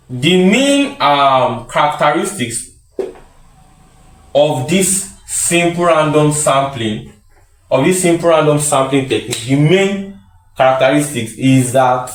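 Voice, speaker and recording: A man teaching statistics in a lecture style, repeating key phrases and answering his own questions. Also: on the high side. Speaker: statistics tutor. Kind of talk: classroom lecture. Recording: echoey room.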